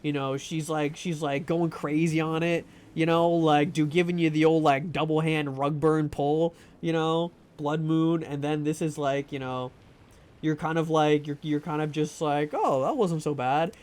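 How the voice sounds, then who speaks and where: A man's voice: fairly high pitch, flat delivery, measured pace, darkish tone. A man streaming a game live from home at a desk mic, chatting casually with viewers, joking and laughing a lot. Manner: joking, self-deprecating, laughs often. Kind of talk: casual live-stream chat while gaming. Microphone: desk microphone.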